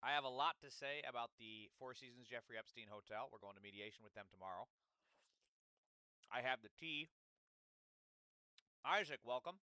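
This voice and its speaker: A man chatting on his livestream in a bright, forceful voice that comes across smooth and crisp. He rambles, swears and talks with food in his mouth, close to a desk mic in a dry room. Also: medium pitch, normal speed, pauses often, no echo. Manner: rambling, profane, talks while eating. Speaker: livestream host. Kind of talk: casual livestream chat. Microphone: desk microphone, close.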